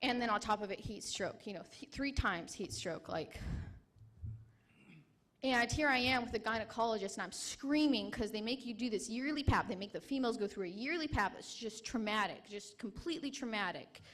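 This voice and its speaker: A young adult woman, a military veteran, giving a personal testimony at a conference in an emotional, halting way with many restarts. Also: on the high side, lively intonation, a bit bright.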